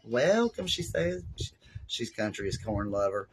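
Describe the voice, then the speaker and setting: A woman's voice: a bass voice, big pitch swings, unhurried, background noise. A woman with a Southern US accent, hosting a casual craft live stream and chatting in a rambling way with her viewers from her home craft room.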